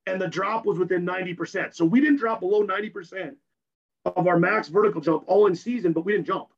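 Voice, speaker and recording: A strength coach, a man, explaining his training program in rapid, technical detail in a podcast interview while hoarse from losing his voice. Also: high-pitched, lo-fi sound. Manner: rapid and technical, keeps tagging "right?".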